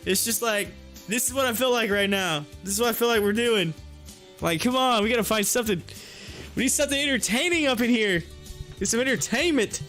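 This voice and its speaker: A man's voice: extremely high pitch, a little fast, a bit bright, faint music behind. A man hosting a live stock-trading stream in casual chat, reading viewers' messages aloud and laughing so hard his eyes water. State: laughing to tears.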